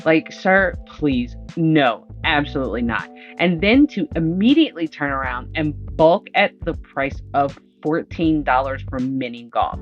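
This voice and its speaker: A woman's voice: sits low, big pitch swings, normal speed, few pauses. A woman host reacting to a story in casual, indignant and emphatic commentary. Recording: dull lo-fi sound with faint music.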